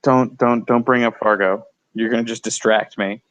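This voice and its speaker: A man's voice: on the low side, fairly even intonation, normal speed, fairly bright tone, rough recording. A man co-hosting a podcast, arguing his point in casual chat with stammered restarts. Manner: stammering, pushes back in debate. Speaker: podcast co-host.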